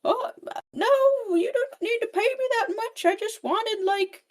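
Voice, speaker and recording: A woman's voice: extremely high pitch, a little slow, pitched above the performer's own voice. A woman voicing a kindly old woman, a village face painter who modestly turns down too much pay. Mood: protesting.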